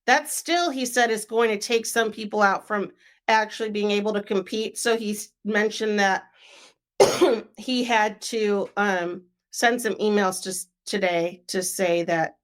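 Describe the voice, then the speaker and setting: A young woman co-hosting a sports podcast, chatting casually and filling pauses with "um" and "like". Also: mid-range voice. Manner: chatty, frequent "um" and "like" fillers.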